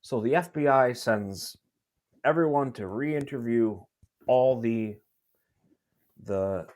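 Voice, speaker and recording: A man's voice: mid-range voice, darkish tone. A man hosting a podcast, reading testimony from documents aloud and adding commentary, with frequent halts and restarts. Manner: halting, many restarts while reading documents. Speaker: podcast host.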